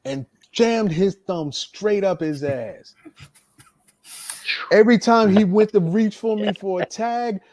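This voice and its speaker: Veteran wrestler guy telling road stories, lively, acts out every quote, dry close mic. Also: high-pitched, takes it slowly, no echo. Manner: animated storyteller, acts out quotes. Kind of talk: casual storytelling chat.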